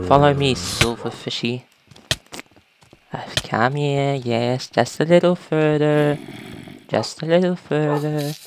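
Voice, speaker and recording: Woman, very deep voice, slow talker, gaming commentary, talks to mobs, sudden shouts. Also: a little hiss or hum. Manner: talks to game creatures, sudden panicked shouts. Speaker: gaming YouTuber. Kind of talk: casual game commentary.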